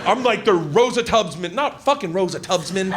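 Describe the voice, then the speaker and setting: A man doing stand-up, telling a rowdy story loudly, laughing and acting out the characters. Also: sits high, animated, normal speed, very noisy. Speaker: stand-up comedian.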